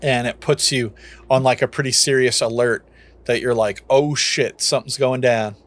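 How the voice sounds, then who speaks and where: A man's voice: mid-range voice, fairly even intonation, moderate pace. Young man narrating as game master. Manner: casual, laughing, acts out short lines for the characters.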